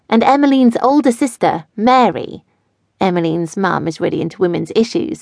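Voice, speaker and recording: A woman's voice: mid-range voice, vocal fry, darkish tone, dry recording, studio quality. A woman narrating a first-person audiobook in a wry, chatty way. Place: studio.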